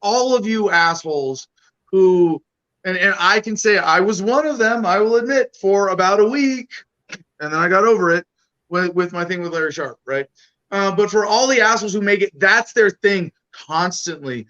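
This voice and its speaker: A man's voice: high-pitched, normal speed, bright, forceful tone, lo-fi sound. A man hosting a podcast in loose, blunt casual chat, rambling and swearing freely. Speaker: podcast host.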